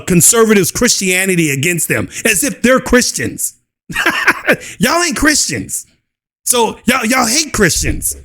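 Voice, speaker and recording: A man with a strikingly high voice rants on his own channel. He mocks and scoffs as he goes, breaking into laughter often. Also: a bit bright. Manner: mocking, scornful, laughs often. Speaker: channel host. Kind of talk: ranting commentary video.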